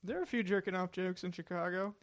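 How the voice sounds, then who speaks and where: A young man in his twenties hosting a casual podcast in a house, dropping deadpan jokes into his guest's stories. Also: high voice, quick pace. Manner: deadpan joking interjections. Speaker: podcast host.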